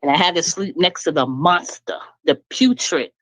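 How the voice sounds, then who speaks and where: A middle-aged woman venting bluntly in a casual live-stream chat, laughing often and jumping high in pitch when she gets indignant. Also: moderate pace, fairly bright tone, dry recording. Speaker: guest speaking on a live stream.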